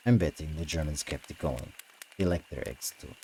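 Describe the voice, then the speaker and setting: A man voicing a confident, swaggering young soldier in a storybook reading, breezy and self-assured, with a deep voice. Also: normal speed, darkish tone, slight background noise.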